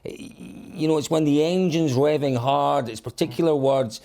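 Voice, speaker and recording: Guy hosting a rally recap, lively casual chat, reels off the leaderboard. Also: fairly high pitch, normal speed. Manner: energetic, reels off results standings. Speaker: rally show host.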